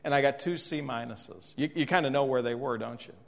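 A man's voice: medium pitch, fairly quick, vocal fry. A middle-aged man presenting a workshop, telling stories in a self-deprecating way, with frequent restarts. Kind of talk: storytelling conference talk. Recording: reverberant lecture hall.

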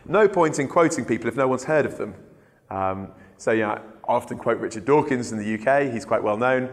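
A man giving a relaxed, conversational training talk as an evangelism trainer, with frequent ums and uhs. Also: mid-range voice. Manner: relaxed, unhurried, filler-laden. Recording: long hall reverb.

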